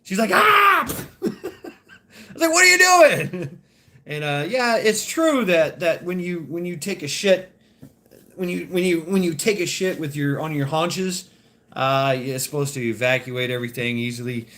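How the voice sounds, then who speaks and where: A man's voice: on the high side, a bit bright. A man telling crude stories in a rambling, profane vlog rant, laughing between lines. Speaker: vlogger. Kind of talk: casual storytelling rant.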